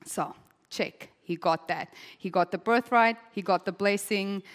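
A woman's voice: mid-range voice, a little slow. Chatty woman preacher in a reverberant hall. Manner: chatty, laughing, acts out voices in quotes. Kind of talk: lively sermon storytelling.

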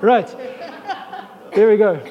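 High-voiced pastor preaching in an echoing hall. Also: male voice, slow, phone-quality sound, some chatter behind. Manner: animated, joking asides, calls for amens. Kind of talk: sermon.

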